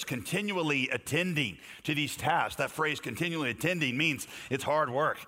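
A pastor delivers a sermon in a joking, conversational way, his voice rising for emphasis on each verse he reads. His tone is bright and a touch high. The sound carries a long reverb from the church sanctuary.

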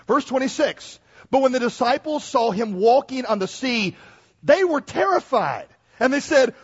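A male pastor delivers an animated sermon, pitched fairly high with a husky edge. He reads scripture and jumps into the voices of the people in it. The recording sounds dull and lo-fi. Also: moderate pace. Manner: animated preaching, acts out Bible voices.

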